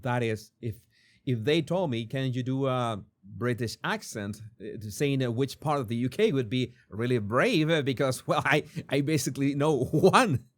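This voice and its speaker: This man hosts a commentary channel in a casual, animated manner, frequently stammering and repeating himself. He's a native Spanish speaker with a Spanish accent, and his mid-range voice moves at a normal speed.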